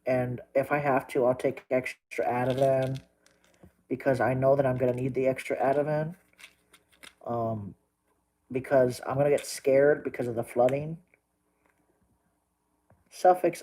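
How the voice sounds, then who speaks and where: A man's voice: medium pitch, fairly even intonation, unhurried, long pauses, mellow, low-quality recording. A man talking straight to his viewers while crying, pleading and repeating himself, with plenty of swearing. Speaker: livestreamer. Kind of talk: emotional monologue to viewers.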